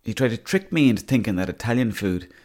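Fast-talking and lively in intonation, this young Irish podcast host has a fairly low, darkish voice. He rambles through comic stories, swearing freely as he goes.

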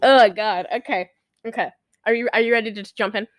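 A woman's voice: on the high side, fairly even intonation, a little fast, dry recording, studio quality. A woman hosting a podcast in casual chat, giggling often and rambling with lots of fillers. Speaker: podcast host.

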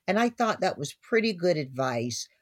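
An older woman from the American South, a guest telling family stories in an expressive, laughing way. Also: fairly low pitch, moderate pace. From Southern United States. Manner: expressive, laughing storyteller, warm asides. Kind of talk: storytelling interview talk.

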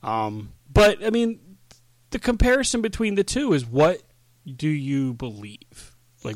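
A man's voice: fairly high pitch, no echo. A man co-hosting a casual wrestling chat, joking and enthusiastic as he tells stories. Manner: enthusiastic, joking, animated storyteller. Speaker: podcast co-host.

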